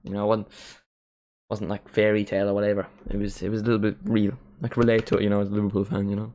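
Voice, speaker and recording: A man's voice: lowish voice, monotone, fast talker, mellow. A young man streaming a football watchalong, chatting casually with lots of "like" fillers. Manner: rambling, many "like" fillers, sings along at times. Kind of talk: casual live commentary and chat.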